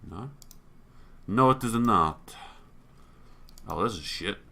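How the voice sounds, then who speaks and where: A man's voice: on the low side, lively intonation, takes it slowly, creaky, sharp tone. A man doing let's play commentary, thinking aloud, reading on-screen text and swearing casually. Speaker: gaming YouTuber.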